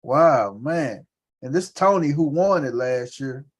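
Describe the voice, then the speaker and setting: A man co-hosting a live show, talking fantasy football picks in loud, profane, animated banter. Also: medium pitch, slow. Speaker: podcast co-host. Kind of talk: casual sports chat.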